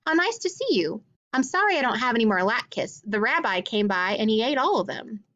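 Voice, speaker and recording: A woman's voice: on the high side, sing-song, fairly quick, a bit bright, highs cut off. A woman voicing a kindly, chatty old village grandmother while reading a storybook aloud. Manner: fussing, chatty, good-natured.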